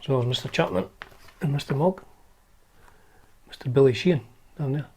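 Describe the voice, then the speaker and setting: A man's voice: mid-range voice, normal speed, gravelly, darkish tone, slight background noise. A man hosting a guitar channel, chatting casually and wryly through old magazines, with lots of fillers and restarts.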